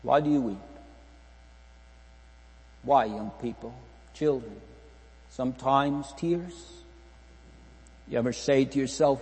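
A pastor preaches to his congregation in a church hall, earnest and pleading, posing searching rhetorical questions in a mid-range, darkish voice at a slow pace with frequent pauses. Long church reverb and mains hum fill the recording.

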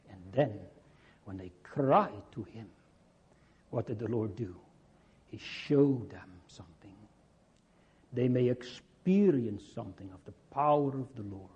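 Slow husky preacher, man. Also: medium pitch, expressive, a little mellow, lo-fi sound. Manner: slow, earnest preaching with repeated phrases. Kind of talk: sermon.

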